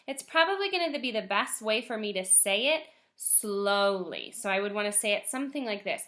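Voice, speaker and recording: A woman teaching first graders in a recorded lesson, speaking gently and stretching words out slowly so children can hear the sounds. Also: medium pitch, animated. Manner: gentle, encouraging teacher voice for young kids.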